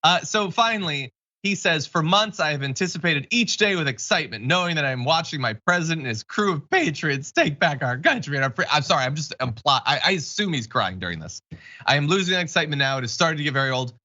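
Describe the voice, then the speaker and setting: A man hosts a casual online news show, his voice bright and animated as he jokes wryly through the stories. His pitch sits a bit high for a man. The stream audio is somewhat dull and lo-fi. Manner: wry, joking, fast asides. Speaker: show host.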